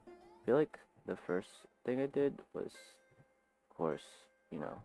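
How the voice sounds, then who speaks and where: A man's voice: medium pitch, expressive, slow pace, long pauses, mellow, soft background music. A man vlogging at home after waking up, thinking aloud about his book in a rambling, scatterbrained way and swearing casually. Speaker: aspiring author. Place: home, just woken up.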